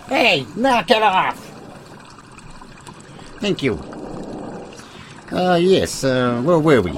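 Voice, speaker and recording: A man's voice: mid-range voice, noisy background. Hammy folksy man doing mock news. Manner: hammy, rambling, folksy announcer patter. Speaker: comedy news host.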